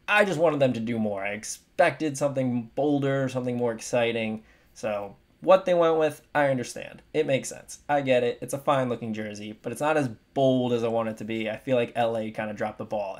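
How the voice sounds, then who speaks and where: Opinionated young man ranking jerseys. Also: medium pitch. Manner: animated, opinionated, emphatic swings. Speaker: sports commentator. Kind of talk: casual opinion commentary.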